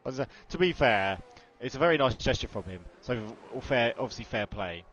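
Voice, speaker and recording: A man's voice: medium pitch, expressive, brisk, a bit bright. A man co-commentating a sim race in a casual live stream, teasing and bantering with his partner. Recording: dull lo-fi mic with faint noise.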